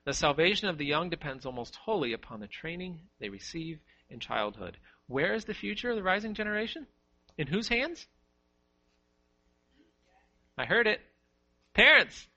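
A man delivers a sermon in a lively, rising-and-falling voice that sits a little high. His tone is bright and forceful, and he hammers his points home by repeating key words. The recording sounds slightly muffled and lo-fi. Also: brisk. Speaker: preacher.

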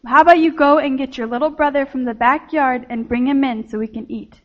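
A woman voicing a patient, knowing mother in a children's sermon story, speaking in a calm, reassuring way. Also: high-pitched, a little fast, lo-fi sound, lightly acted.

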